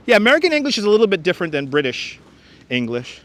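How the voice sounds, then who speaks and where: A man's voice: sits high, wildly swooping pitch, fast, fairly bright tone. A man hosting a casual outdoor live stream on a wireless clip-on mic, chatting, reading out viewer comments and greeting people by name. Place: outdoors on a frozen beach.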